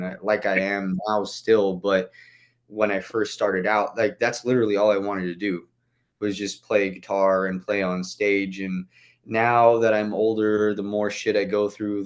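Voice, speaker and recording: A young man chatting as a podcast guest, rambling with lots of "like" fillers and casual swearing. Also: on the low side. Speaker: guest musician.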